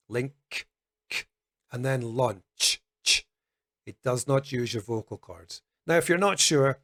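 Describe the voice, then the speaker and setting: A man teaching English pronunciation, speaking slowly and carefully and demonstrating each sound. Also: medium pitch. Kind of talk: pronunciation lesson. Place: Colombia.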